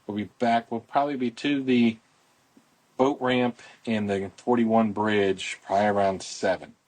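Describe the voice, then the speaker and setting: Husky-voiced man chatting outdoors on a phone. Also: lowish voice, fairly even intonation, measured pace, a little mellow. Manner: rambling, folksy promotional chatter. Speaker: podcast host, boat club owner. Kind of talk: casual podcast chat.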